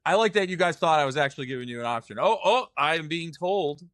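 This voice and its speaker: A teasing man with a Boston accent hosts a casual sports podcast. His voice sits a bit high and sounds dry and close to the mic. He hams up his sponsor reads like a showman. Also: expressive, quick pace, a bit bright, no room sound. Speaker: podcast host.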